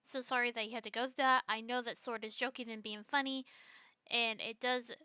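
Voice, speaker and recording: A young woman hosts a casual stream and reads messages aloud, bitter and sarcastic. Her voice sits fairly high and sounds bright and forceful. The sound is dry and close. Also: fairly even intonation, fairly quick, clean tone, dry recording. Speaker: streamer host.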